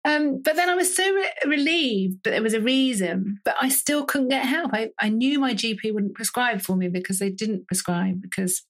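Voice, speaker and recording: A British woman in her forties, a doctor giving an interview, telling her story in a lively way and often laughing. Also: a little high, moderate pace, few pauses. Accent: British English. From United Kingdom. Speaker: interview guest, GP and menopause specialist. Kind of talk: casual interview conversation.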